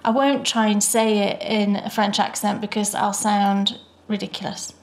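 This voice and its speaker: A British woman co-hosting a knitting podcast, chatting and gushing warmly over her projects. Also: medium pitch, level tone, moderate pace. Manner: chatty and enthusiastic, gushing praise. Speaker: podcast co-host. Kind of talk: casual chat. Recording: roomy echo.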